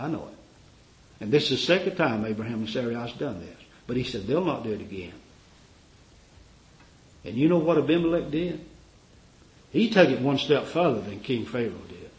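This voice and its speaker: A man preaching a fervent sermon, swinging from loud cries to low murmurs and acting out the voices of figures he quotes. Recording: echoey, dull lo-fi recording.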